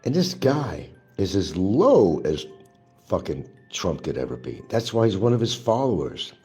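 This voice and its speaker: Low, mellow-voiced ranting man. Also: very animated, a little slow, faint music behind. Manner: angry, profane, mocking. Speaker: livestream host. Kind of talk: ranting political monologue.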